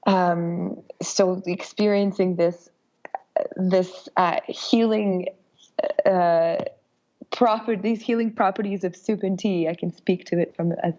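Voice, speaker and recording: A young woman with a raspy, hoarse voice from a cold, speaking gently and reflectively as a podcast guest, with many fillers and restarts. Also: fairly low pitch, steady tone, measured pace, muffled recording. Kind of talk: casual conversation.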